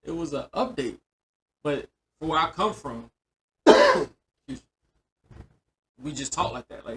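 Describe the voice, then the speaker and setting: A man's voice: medium pitch, unhurried, long pauses. A man co-hosting a casual podcast chat, telling stories and acting out the dialogue of other people. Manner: animated storyteller who acts out quoted dialogue. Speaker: podcast co-host.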